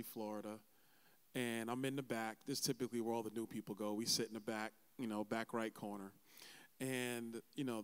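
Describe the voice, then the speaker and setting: A man's voice: medium pitch, a bit bright, clean tone. A man in his forties hosting a church event, telling his personal testimony in a conversational way and acting out the voices of people he quotes. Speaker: event host and interviewer.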